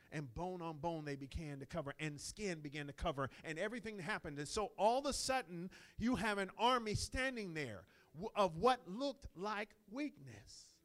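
A man preaching a sermon, swinging from slow, soft quoted prayers up to loud, exclaimed lines. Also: sits high, lively intonation.

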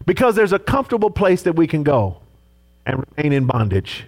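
A male pastor delivers a sermon in a high voice. His pitch leaps around as he preaches, and he acts out the voices he quotes. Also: a little fast, vocal fry. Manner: animated preaching, acting out quoted speech.

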